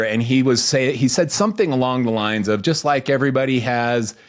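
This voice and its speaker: A man co-hosting a podcast, talking casually and energetically in quick bursts with restarts. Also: medium pitch. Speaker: podcast co-host.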